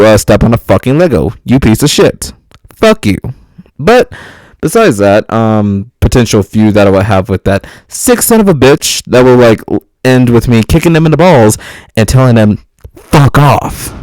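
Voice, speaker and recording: A young man talks loosely into a handheld mic, cursing, joking and breaking into laughter between filler words. His voice sits low, and the sound is close and dry with no room around it. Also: darkish tone, dry recording. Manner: profane, joking, laughs often, trails off with fillers. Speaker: vlogger. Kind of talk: rambling casual monologue to camera.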